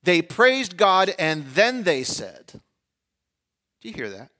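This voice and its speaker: A man's voice: sits high, big pitch swings, slow pace, sharp tone. A middle-aged man from Pennsylvania preaching a sermon in a conversational way, with sarcastic asides and quoted voices acted out. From Pennsylvania, USA. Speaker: pastor.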